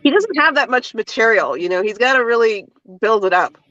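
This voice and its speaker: Woman cracking crude jokes on a dull dry mic, kinda high voice. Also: a little fast, dry recording. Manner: deadpan crude jokes with laughter. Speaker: podcast co-host. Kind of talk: casual gossipy chat.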